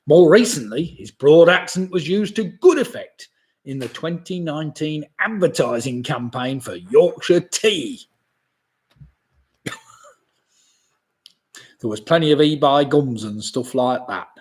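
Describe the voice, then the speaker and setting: A man in his sixties runs a home quiz stream with a bouncy, up-and-down delivery. He reads each question slowly and deliberately, then repeats it. Between questions he drifts into relaxed, chuckling asides. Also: mid-range voice. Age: 60s. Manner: chatty, chuckles often, asides about beer. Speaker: pub quiz host. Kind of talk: live-streamed quiz, casual chat.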